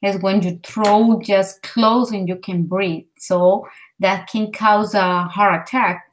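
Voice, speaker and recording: A woman from Colombia, a native Spanish speaker with a Colombian accent, telling an animated story full of fillers during casual conversation practice. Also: medium pitch, slow pace, rough recording. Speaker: language learner.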